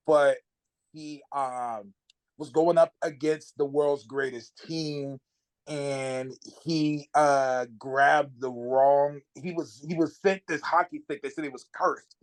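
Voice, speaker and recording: A man, a guest comic writer, chatting casually on a podcast and telling animated stories, laughing often. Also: fairly high pitch, slow pace.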